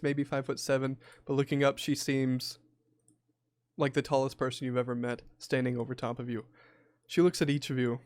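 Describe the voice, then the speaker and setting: A man narrating a tabletop game as game master, relaxed and halting with fillers. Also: medium pitch, no room sound.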